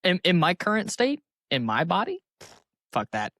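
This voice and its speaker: A man's voice: sits high, huge pitch swings, normal speed, sharp tone, dry recording. A young adult man, a guest on a podcast, talking frankly and casually, with loose swearing. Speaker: guest co-host.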